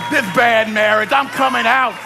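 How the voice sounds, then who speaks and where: Guy preaching at church, super high pitched, yelling and talking right at the crowd, music going underneath. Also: steady tone, moderate pace, gravelly. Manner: shouts and stretches words for emphasis; addresses the congregation directly. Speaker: pastor. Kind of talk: energetic sermon. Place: church service.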